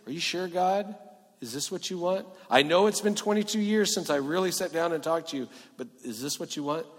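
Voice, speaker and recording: A man's voice: on the high side, brisk, voice pushed up, natural voice. A preacher voicing an anxious, pleading aged patriarch who questions his God earnestly. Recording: echoey hall reverb.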